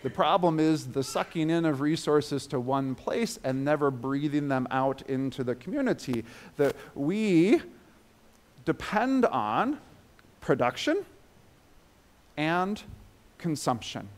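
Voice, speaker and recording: Emphatic male preacher with slow delivery. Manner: emphatic, rising and falling in pitch and loudness; leads the listeners in a guided breathing exercise. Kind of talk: sermon.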